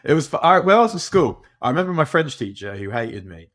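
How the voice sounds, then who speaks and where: A man's voice: a little high, big pitch swings, quick pace, fairly bright tone. A man co-hosting a football podcast, talking in a rambling, self-mocking way with many restarts. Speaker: podcast co-host. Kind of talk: casual football chat.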